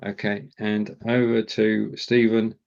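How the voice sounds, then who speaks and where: A man's voice: on the low side, level tone, slow, creaky, a little mellow, highs cut off. A man co-hosting a casual live language lesson, joking as he stumbles through German phrases. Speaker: co-host and learner.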